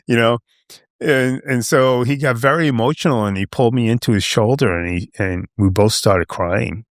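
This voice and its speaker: An older American man from the United States, with a New York accent, speaks at medium pitch and a moderate pace in a clean studio with no room sound. As a veteran guest, he tells stories casually and ramblingly, full of fillers and restarts, acting out what people said.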